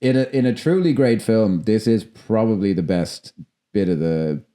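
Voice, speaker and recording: A man co-hosting a podcast, chatting casually about a film, animated and often laughing. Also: fairly low pitch, moderate pace. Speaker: podcast co-host. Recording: podcast audio.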